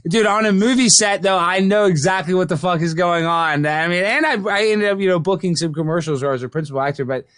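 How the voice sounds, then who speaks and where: Excitable man, dry sound. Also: fast talker, hardly any pauses, clean tone, no echo. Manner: excitable, swings between loud outbursts and low mumbling. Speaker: podcast host. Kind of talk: casual chat.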